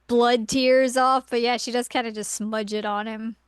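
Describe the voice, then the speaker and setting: A woman's voice: on the high side, steady tone, moderate pace, clear, resonant tone, dry recording. Dry-sounding woman co-host chiming in. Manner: chimes in with reactions and extra scene details. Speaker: podcast co-host. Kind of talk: casual recap chat.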